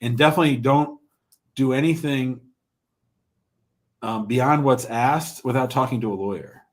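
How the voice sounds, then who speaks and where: A man's voice: mid-range voice, moderate pace. A man hosting a live call-in show, giving blunt, plain-spoken immigration advice to callers and viewers.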